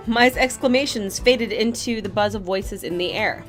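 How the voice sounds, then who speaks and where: A woman's voice: mid-range voice, normal speed, few pauses, soft background music. Giggly woman reading a game aloud. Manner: animated, giggly, breaks off to comment. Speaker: let's play host reading a visual novel aloud.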